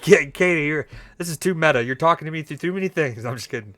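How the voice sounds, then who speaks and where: A young man with a fairly high voice chats playfully while streaming a game, joking around and answering viewers in a loose, casual way. His voice is close and dry, with no room sound at all. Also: fast, a bit bright, no echo. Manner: playful, jokey, reads chat aloud. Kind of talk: casual gaming stream chat.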